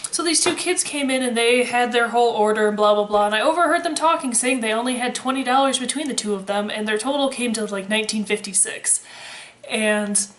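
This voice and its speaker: A woman's voice: on the high side, brisk, a little hiss or hum. Sarcastic young woman vlogger, roomy echo. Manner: sarcastic, swears freely, dry humor. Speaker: vlogger, former waitress. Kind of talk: casual chat to camera.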